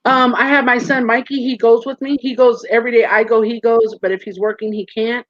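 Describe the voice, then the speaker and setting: A woman in her forties, a guest in a casual interview, telling stories with lively acted-out quotes over a video call. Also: on the high side, fairly quick, dry recording. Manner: animated storyteller, acts out quoted voices. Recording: muffled dry call audio.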